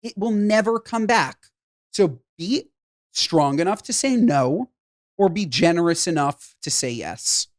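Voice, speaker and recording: A woman's voice: fairly low pitch, lively intonation, measured pace. A woman co-hosting a podcast, giving blunt, emphatic advice with rhetorical questions in casual chat. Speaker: podcast co-host.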